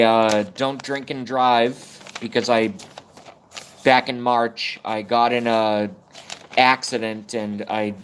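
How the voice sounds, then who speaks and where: A man's voice: medium pitch, a little hiss or hum. Profane rambling livestream man. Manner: profane, blunt and swings between energy and fighting tears. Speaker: YouTube livestream host. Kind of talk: rambling live-stream monologue.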